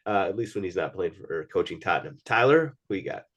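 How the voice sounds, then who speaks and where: Host, male, lower register, easygoing, laughs a lot. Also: animated, fast, fairly bright tone, lo-fi sound. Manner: laughs often, hands off turns. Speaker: podcast host. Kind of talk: casual chat.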